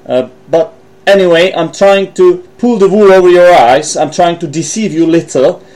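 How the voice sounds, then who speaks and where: A man's voice: high voice, moderate pace, darkish tone. Hesitant man explaining words on a podcast. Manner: hesitant, thinking aloud with many ums and self-corrections; partly reading from notes while aiming to sound natural. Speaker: English teacher and podcast host. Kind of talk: solo educational podcast explaining vocabulary.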